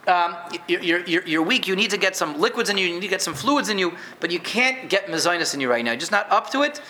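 Bright-voiced man teaching a Torah class. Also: high voice, lively intonation, quick pace, slight background noise. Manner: conversational, repeats words, quizzes listeners. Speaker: rabbi teaching Jewish law. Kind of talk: informal halacha class. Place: room with a live audience.

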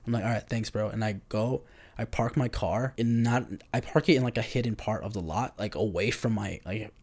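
A man's voice: on the low side, fairly quick, darkish tone. A man in his twenties telling a personal story in a loose, profane, casual way, full of fillers and acting out his own reactions. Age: 20s.

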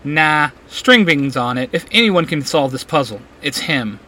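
A man's voice: a little high, animated, unhurried, bright, forceful tone, full character voice. A man voicing a cocky, touchy young male fighter in a read-aloud fan story, brash and snappy.

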